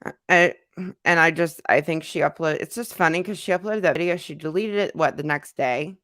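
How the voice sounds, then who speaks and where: A woman's voice: deep voice, brisk, fairly bright tone, no room sound, clean studio sound. A woman hosting a casual livestream and reading out chat comments. She is congested from a cold and talks in a loose, repetitive way with many fillers. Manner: conversational, repeats herself, many fillers.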